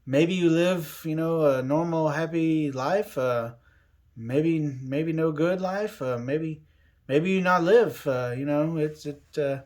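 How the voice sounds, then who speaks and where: A man's voice: a little high, a little mellow. A man putting on a hesitant surgeon in broken English. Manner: halting, hedging, broken phrasing.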